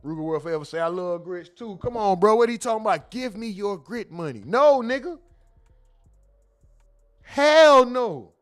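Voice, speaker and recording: A man hosting a casual commentary livestream, reading the chat aloud and bantering in loud, laughing, slangy outbursts. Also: high voice, quick pace, few pauses, faint music behind.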